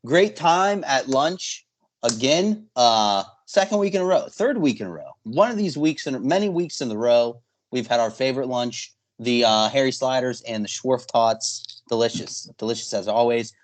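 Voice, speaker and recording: A man's voice: medium pitch, animated, normal speed. A young man hosting a podcast, chatting casually and rambling with plenty of fillers and trailing thoughts. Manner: rambling, hesitant, lots of fillers. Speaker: podcast host. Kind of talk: casual chat.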